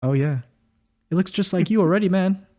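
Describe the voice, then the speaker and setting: A man's voice: high voice, brisk, mellow. A young man co-hosting a podcast, chatting casually in a rambling, laid-back way that trails off. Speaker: podcast co-host. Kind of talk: casual chat.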